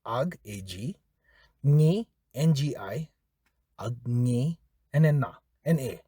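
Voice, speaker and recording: Man, casual language teacher; animated pitch, dry close sound, repeats and spells words patiently. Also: slow pace, husky, no echo. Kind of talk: casual spoken language lesson.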